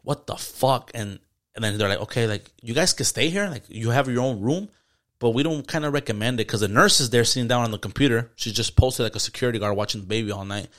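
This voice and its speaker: Fast-talking man swearing through a story. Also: medium pitch, a bit bright. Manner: storytelling with heavy swearing and slang. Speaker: podcast co-host. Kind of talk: casual chat.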